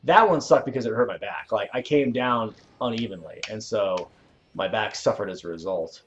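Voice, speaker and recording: A man's voice: fairly low pitch, normal speed, a little hiss or hum. A young adult male host rambling casually through a game livestream and answering viewer questions, over dull lo-fi audio. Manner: laid-back, rambling, chuckling. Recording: dull lo-fi stream mic.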